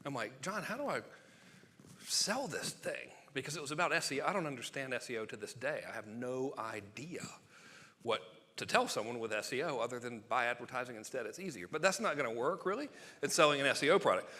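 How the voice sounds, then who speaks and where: A man giving a live sales seminar, talking fast and excitably, joking and acting out quotes. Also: medium pitch, in a large hall. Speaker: sales copywriting presenter.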